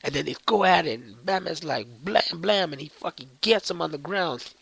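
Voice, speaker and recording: A man recapping comics in a casual vlog, excited and rambling with heavy swearing. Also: a little high, fairly quick, vocal fry, low-quality recording. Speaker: comic book reviewer.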